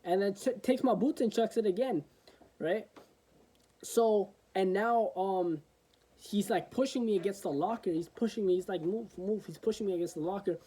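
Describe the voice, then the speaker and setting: Young guy telling a story, kinda high but mellow voice, lots of "right?". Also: normal speed, husky, rough recording. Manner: rambling, filler-heavy, keeps asking "right?". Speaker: vlogger. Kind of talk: casual storytelling.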